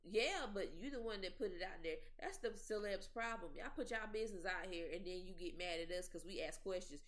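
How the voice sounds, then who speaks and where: A woman's voice: on the low side, a little fast. A woman hosting a casual gossip podcast, telling stories with animation and mimicking the people she talks about. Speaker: podcast host.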